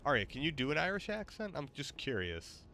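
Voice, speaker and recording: A man's voice: on the high side, very animated, brisk, bright, forceful tone, a little hiss or hum. A man streaming a game, exclaiming in panic and joking with his AI companion. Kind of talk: casual game commentary.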